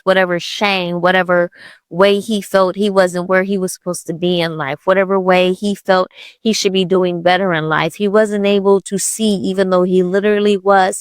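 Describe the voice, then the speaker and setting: A woman's voice: mid-range voice, smooth, no room sound. A young woman hosting a podcast, telling a personal spiritual story in a casual, chatty way full of "I was like" and "literally". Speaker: podcast host.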